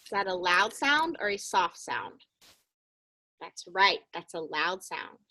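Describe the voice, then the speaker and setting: A woman teaching young children a phonics lesson, speaking slowly and encouragingly and calling them friends. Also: fairly low pitch, big pitch swings, very noisy.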